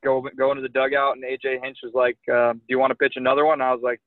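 A young man, a professional pitcher, telling a lively anecdote in casual chat, full of "like" and "you know". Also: very fast, no echo. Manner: animated anecdote telling with many likes and you knows. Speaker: guest, pro baseball pitcher. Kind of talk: casual storytelling. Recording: tinny phone line.

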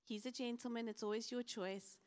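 A woman's voice: fairly high pitch, fairly even intonation, a little fast, darkish tone, clean tone. A woman preaching a sermon, telling stories animatedly and acting out the voices of the people in them. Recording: reverberant hall.

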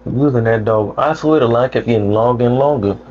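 A man's voice: mid-range voice, fast talker. Young man joking in laid-back banter. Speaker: podcast co-host. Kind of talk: casual chat. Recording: muffled lo-fi sound with faint background noise.

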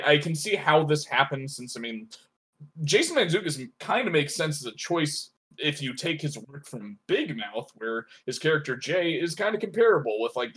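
A man co-hosting a review podcast, speaking in an even, analytical way. He lays out his points carefully, filling the gaps with "uh" and "like". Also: a little high. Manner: measured, analytical, frequent "uh" and "like". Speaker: podcast co-host reviewing a show. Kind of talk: casual review chat.

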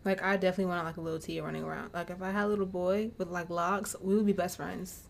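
A woman in her twenties co-hosting a casual chat, animated and acting out quoted voices. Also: lowish voice, fast, gravelly, a little hiss or hum. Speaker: podcast co-host.

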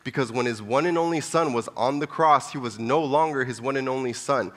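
Man, preacher, impassioned sermon, pleading, soft then loud, long hall echo. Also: mid-range voice, a little fast. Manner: impassioned, pleading, shifting between soft hushed lines and loud emphatic ones.

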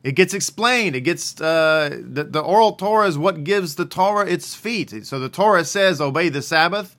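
A man's voice: a little high, animated, normal speed, a bit bright. A man giving a religious teaching in a conversational way, often asking questions and then answering them himself. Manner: conversational, asks and answers his own questions.

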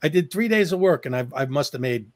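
A man with a slightly high voice, an actor, tells audition stories with eager energy in a podcast chat. He stumbles over himself with repeated starts. The sound is dry and close, with no room around it. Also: animated, fast, no room sound. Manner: eager storyteller with frequent repeated restarts.

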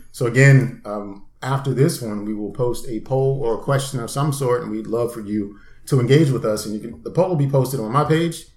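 A man co-hosting a podcast, steadily running the segments in casual chat. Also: medium pitch. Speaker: podcast co-host. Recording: roomy podcast recording.

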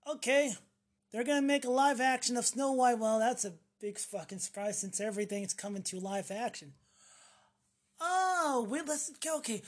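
Sarcastic, foul-mouthed woman ranting, fairly high voice. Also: moderate pace. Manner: sarcastic, acts out mocking voices; swears freely. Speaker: vlogger. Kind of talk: profane ranting monologue.

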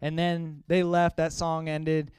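Young male speaker for an emotional church testimony: casual and earnest, with a smooth, clear voice. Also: a little high, monotone, darkish tone, dry recording. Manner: earnest, conversational, halting with emotion. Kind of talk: personal testimony to a congregation.

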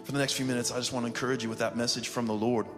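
A man's voice: mid-range voice, little pitch movement, racing, over music. Reverberant man preaching a sermon. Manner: conversational, call-and-response with the congregation. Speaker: pastor. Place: church sanctuary, also streamed online.

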